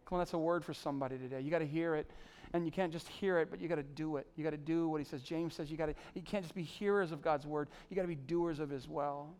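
A male pastor preaching a sermon, pleading with the congregation, surging to emphatic peaks and then dropping soft. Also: on the high side, steady tone, fast, few pauses.

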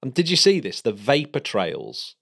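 A man co-hosting a podcast, chatting excitedly about space news with plenty of fillers and restarts. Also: medium pitch, moderate pace, vocal fry, breathy edge. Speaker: podcast co-host. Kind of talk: casual space news chat.

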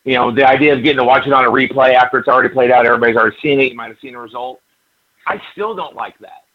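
A man's voice: medium pitch, rapid-fire. A man in his fifties, a podcast guest, telling rambling stories with stammers in casual interview chat. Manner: rambling anecdotal storytelling, stammers. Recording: dull lo-fi audio.

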